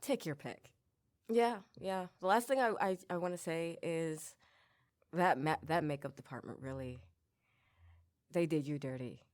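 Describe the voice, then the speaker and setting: A woman's voice: low voice, measured pace, pauses often, darkish tone. A young adult woman hosting her own podcast, giving a casual, joking commentary and laughing at herself often. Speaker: podcast host.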